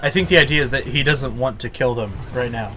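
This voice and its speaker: A man's voice: mid-range voice, brisk, bright, forceful tone, soft background music. A young man chatting casually about a movie, adding dry, reasonable remarks. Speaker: co-host. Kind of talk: casual movie commentary chat.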